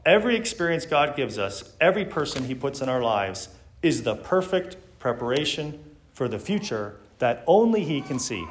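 A man's voice: medium pitch, big pitch swings, normal speed, slight background noise. A man giving a church Sunday school lesson, speaking earnestly and reading scripture aloud with emphasis.

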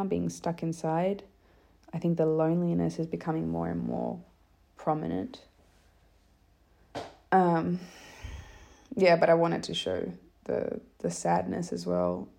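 Woman, low register, gravelly fry; candid, rambling, profane confessional vlog. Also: darkish tone. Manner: candid, rambling, swears freely. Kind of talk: emotional personal monologue. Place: lives in Iceland.

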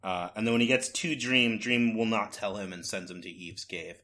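Casting note: man with a lowish voice, relaxed co-host talk, lots of "like" and "uh". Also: normal speed. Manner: loose and conversational, many fillers. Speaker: podcast co-host. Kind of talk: casual comic book discussion.

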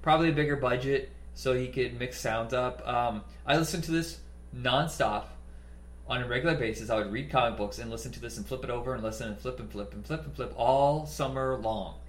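A man's voice: medium pitch, fairly quick, roomy sound, slight background noise. Rambling, jokey man chatting casually. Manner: rambling, jokey, mimics lines and voices. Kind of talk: casual chat.

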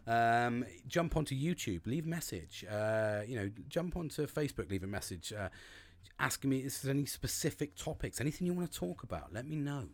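A man's voice: mid-range voice, animated, brisk. A man hosting his own talk show, chatting casually and swearing a lot as he acts out his own thoughts. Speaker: podcast host. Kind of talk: casual monologue.

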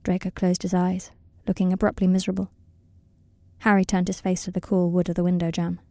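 A woman reading a story aloud in calm, even scripted narration, recorded close to the mic. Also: fairly low pitch, fairly quick, no echo. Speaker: audiobook reader.

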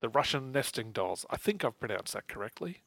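A man's voice: mid-range voice, very animated, brisk, vocal fry, a bit bright, no room sound, rough recording. A wry, chatty male podcast host. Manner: chatty, laughs often, wry asides. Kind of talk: casual chat recapping comics.

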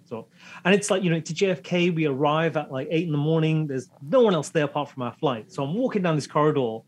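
A man's voice: a little high, fast. A man from England telling a casual story, acting out the other people's lines in short voices. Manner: animated anecdote with acted-out voices.

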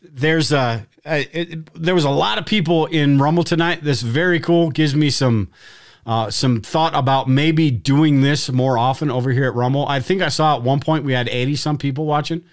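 A man co-hosting a casual live stream, talking bluntly and swearing freely, often restarting his sentences. His voice sits a touch higher than most men's. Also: moderate pace. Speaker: podcast co-host.

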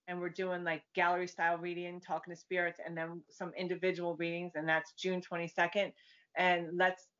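A woman's voice: fairly low pitch, a bit bright. A woman guest, a psychic medium, chatting casually and acting out the voices in her stories. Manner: chatty storyteller, acts out quoted voices. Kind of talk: casual interview chat. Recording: dull lo-fi sound.

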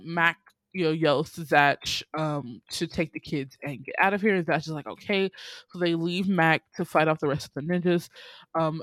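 A podcast host recapping a movie in a casual, animated way, acting out quoted lines and laughing often. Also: medium pitch, no room sound.

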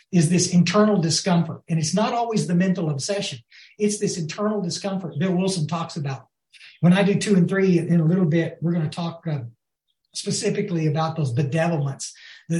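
A man's voice: fairly high pitch, darkish tone. A man giving a recovery talk to a group, telling folksy stories and often asking his listeners if they follow. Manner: folksy storytelling, addresses the audience as y'all. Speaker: recovery speaker. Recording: roomy echo.

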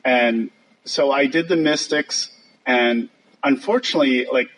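An older man, a puppet sculptor, telling lively anecdotes over slides with a husky voice, mimicking others and laughing often. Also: mid-range voice, measured pace, slight background noise, low-quality recording.

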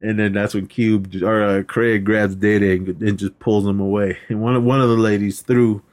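A man's voice: lowish voice, flat delivery, moderate pace, darkish tone. An American man co-hosting a podcast, casually recapping movie scenes. He laughs often, swears freely and restarts sentences as he tries to remember what happened. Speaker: podcast co-host.

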